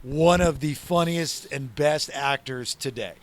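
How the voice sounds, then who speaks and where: A man's voice: on the high side, a little slow. A man hosting a podcast, chatting casually and enthusiastically with his guest. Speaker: podcast host. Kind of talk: casual chat.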